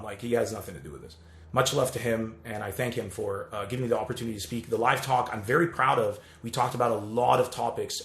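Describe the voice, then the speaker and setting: A man's voice: lowish voice, a bit bright. A male comedian speaking casually and earnestly to his followers in a rambling, apologetic self-recorded video. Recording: roomy echo.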